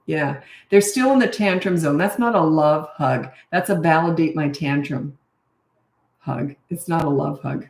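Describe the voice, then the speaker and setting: A middle-aged woman parenting coach answering questions in a blunt, brisk, no-nonsense way. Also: low-pitched, creaky, darkish tone. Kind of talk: casual Q&A advice. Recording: echoey room.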